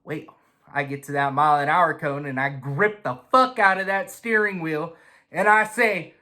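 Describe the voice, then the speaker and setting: A man telling a casual, swear-filled story in an animated way. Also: a little high, moderate pace. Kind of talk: casual anecdote.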